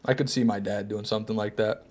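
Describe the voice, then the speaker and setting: A man's voice: on the low side, fairly even intonation, fast talker, darkish tone. A young American man from Michigan, joking and rambling to his chat during a casual gameplay livestream. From Michigan, USA. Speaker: gaming streamer.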